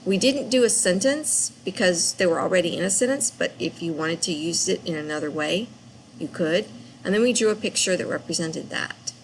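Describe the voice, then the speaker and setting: A woman French teacher recapping a lesson for students, speaking patiently and repeating phrases clearly. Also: on the low side, expressive, moderate pace, a little hiss or hum, low-quality recording.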